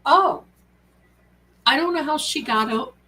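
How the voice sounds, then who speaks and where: A woman's voice: high-pitched, lively intonation, takes it slowly, pushed and bright, low-quality recording. A woman hosting a tarot live stream, chatting casually and affectionately with viewers she calls her darlings. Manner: chatty and rambling, reads out viewer comments.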